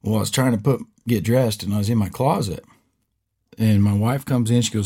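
A middle-aged podcast co-host with a lowish, slightly rough voice talks a little fast. In casual chat, he tells a story animatedly and acts out the quoted lines.

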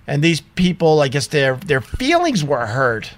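A man's voice: fairly high pitch, sing-song, a little slow, dry recording. A man in a small home studio telling a story in an indignant, emphatic casual rant, swearing freely. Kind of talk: casual ranting monologue.

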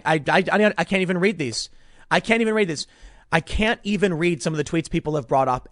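A man's voice: a little high, dry recording, clean studio sound. A man delivering an indignant political commentary monologue, stumbling over repeated words as he reads out headlines.

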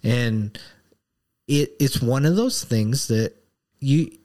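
A man's voice: mid-range voice, slow, dark tone. A man in his thirties hosting a podcast, talking candidly and a bit rambling in a casual conversation. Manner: candid, rambling, emotional at times. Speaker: podcast host.

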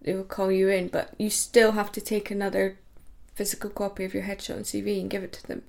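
A woman's voice: mid-range voice, completely flat delivery, fast, vocal fry, a little mellow. A woman co-hosting a podcast, talking in a chatty, teasing way with lots of fillers. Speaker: podcast co-host. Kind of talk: casual chat.

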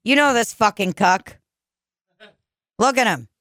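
A young woman hosts a casual podcast with a fairly high voice, swearing freely and rambling from one story to the next. Her voice sounds dry and close, with no room around it. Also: expressive, a little slow, fairly bright tone, no room sound. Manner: profane, laughing, rambling storyteller. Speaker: podcast host.

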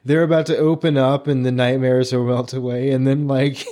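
A man co-hosting a podcast, casually retelling book scenes with lively acted-out quotes and frequent laughter. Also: medium pitch, normal speed. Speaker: podcast co-host.

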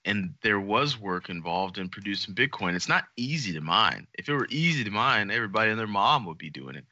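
A man co-hosting a podcast, talking in an animated, jokey way and swearing freely. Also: on the low side, fairly quick, lo-fi sound. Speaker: podcast co-host. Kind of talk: casual podcast chat.

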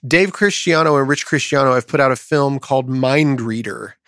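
A man's voice: mid-range voice, moderate pace, fairly bright tone, no room sound, studio quality. A man hosting a podcast, chatting casually and telling jokes in an upbeat storytelling manner. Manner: upbeat, storytelling with acted quotes. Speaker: podcast host. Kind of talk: casual chat and joke telling.

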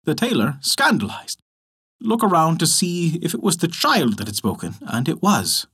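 A man narrating a folk tale in an expressive storytelling manner. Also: fairly high pitch, moderate pace, husky.

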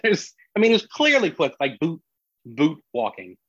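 A man, a comedian, telling a story in casual podcast chat, animated and full of restarts. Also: fairly high pitch, a little slow, breathy edge, no echo. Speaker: comedian guest. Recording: dull lo-fi dry sound.

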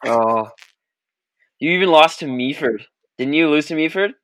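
A man in casual chat, laughing often and tossing in quick jokes. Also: on the high side, animated, a bit bright, no room sound. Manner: laughs a lot, quick joking interjections.

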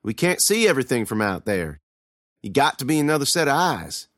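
A man voicing Lee, a steady, protective teenage older brother who gives orders in drawling country speech, in a horror storybook reading. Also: mid-range voice, fairly quick, no echo, studio quality. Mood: calm, commanding.

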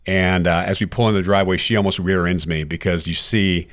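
A middle-aged man giving a candid interview, telling his stories with animated quoted dialogue and frequent cursing. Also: sits low, fairly quick. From United States. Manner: animated storyteller, curses freely, acts out quotes. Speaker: guest, former baseball player.

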